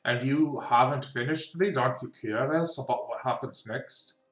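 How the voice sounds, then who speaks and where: A man's voice: medium pitch, moderate pace, a bit bright, lightly acted. A man voicing a teasing male Jedi master with a cyborg brain, in a shaky put-on Scottish accent, at a tabletop game. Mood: wry. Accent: attempted Scottish. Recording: echoey room.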